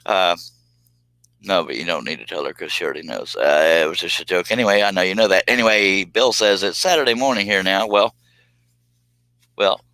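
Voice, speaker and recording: Man, low and bright-edged, dry close sound; a joking, rambling streamer talking to his viewers. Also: a little fast, no room sound, poor audio. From United States. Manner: rambling and joking, drifting into tangents. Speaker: live streamer. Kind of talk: casual live-stream chat with viewers. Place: home streaming space.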